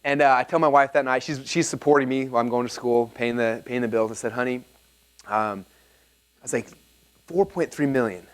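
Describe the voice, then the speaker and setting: A man's voice: medium pitch, fairly quick. A man speaking to a live seminar audience, telling a personal story and acting out the dialogue with lots of energy. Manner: animated, acts out quoted dialogue.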